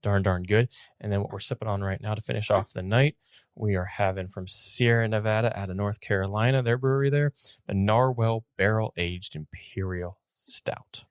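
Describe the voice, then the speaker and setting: A man co-hosting a casual podcast, relaxed, reading out bits from articles and notes. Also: lowish voice, normal speed, clear, resonant tone, no room sound, studio quality. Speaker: podcast co-host. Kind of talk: casual chat.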